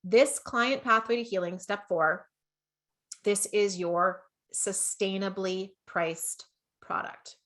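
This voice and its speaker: A woman's voice: medium pitch, slow pace, a bit bright. A woman with a Canadian accent teaching an online business masterclass, chatty and upbeat, often laughing at herself and checking in with "okay?". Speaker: business coach.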